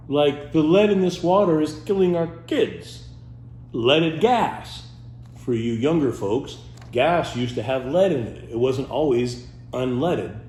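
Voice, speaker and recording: Animated man hamming it up. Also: on the high side, unhurried, reverberant, a little hiss or hum. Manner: animated, silly, keeps breaking into goofy voices. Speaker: comedy host. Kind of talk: playful comic monologue to camera.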